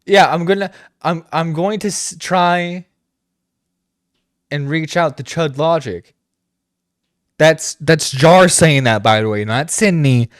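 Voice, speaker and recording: A man's voice: a little high, takes it slowly, pauses often, dry recording, clean studio sound. A man hosting a reaction stream, bluntly cursing and stammering through restarts. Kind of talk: profane reaction commentary.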